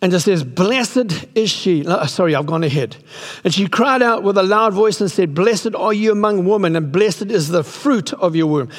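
A man's voice: high-pitched, moderate pace. A man in his sixties preaching an impassioned sermon in a church hall. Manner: impassioned, rising to excited peaks. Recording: long hall reverb.

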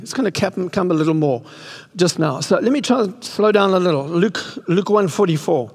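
A man's voice: high-pitched, brisk. A man in his sixties preaching an impassioned sermon in a church hall. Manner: impassioned, rising to excited peaks. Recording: long hall reverb.

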